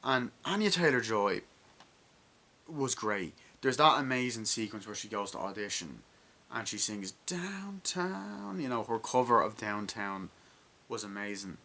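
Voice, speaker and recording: A man's voice: on the low side, moderate pace, bright, forceful tone. A man with an Irish accent giving a casual, rambling and enthusiastic movie review, swearing now and then.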